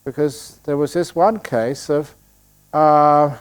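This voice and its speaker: A man's voice: a little high, fairly even intonation, slow, smooth. Joking older Englishman teaching meditation. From England. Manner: joking, storytelling, acts out quoted voices. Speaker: Buddhist meditation teacher answering questions. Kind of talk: humorous Q&A talk at a retreat. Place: meditation hall.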